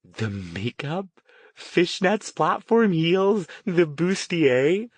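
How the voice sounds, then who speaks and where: A man's voice: on the high side, very animated, drawn-out words, no room sound, pitched above the performer's own voice, full character voice. A man voicing a boisterous, gossipy male friend, full of jokes. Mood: gleeful. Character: boisterous male mate, jokey and loud.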